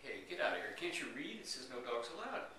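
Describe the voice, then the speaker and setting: A man voicing a gruff male bartender who keeps throwing a customer out, shouting in exasperation. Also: fairly high pitch, sing-song, fast. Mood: exasperated. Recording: echoey room from far off, noisy.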